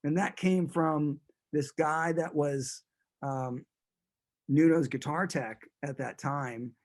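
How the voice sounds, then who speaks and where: A man's voice: on the high side, fairly even intonation, slow. A man telling stories as a guest in a casual interview, rambling and amused, with frequent restarts.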